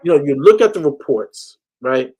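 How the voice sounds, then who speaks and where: A man's voice: on the high side, lively intonation, normal speed, mellow, husky. A man from the United States ranting animatedly as a football fan panelist. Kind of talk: casual fan chat.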